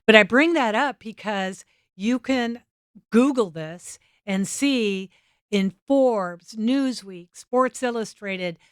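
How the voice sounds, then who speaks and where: A woman's voice: on the high side, slow, clear, resonant tone, no echo, clean studio sound. A woman guest on a motorsports podcast, chatting casually and acting out the people in her stories. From United States. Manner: animated, acts out quoted dialogue. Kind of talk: casual storytelling interview. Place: studio set.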